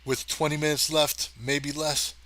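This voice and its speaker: A man's voice: fairly high pitch, little pitch movement, a little slow, sharp tone, pitched above the performer's own voice. A man voicing a determined male cameraman stranded in space, talking in an urgent, pressing way.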